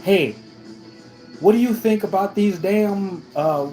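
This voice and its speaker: A man voicing a bigoted man from the Southern US on a bus, with a loud, taunting drawl in a raised voice. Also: high-pitched, slow, reverberant, soft background music, voice pushed up, low-quality recording. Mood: sneering.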